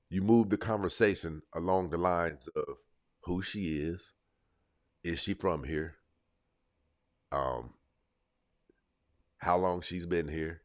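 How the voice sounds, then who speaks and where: Very deep-voiced blunt dating coach. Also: male voice. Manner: blunt, emphatic, lecturing. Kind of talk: direct-to-camera advice monologue.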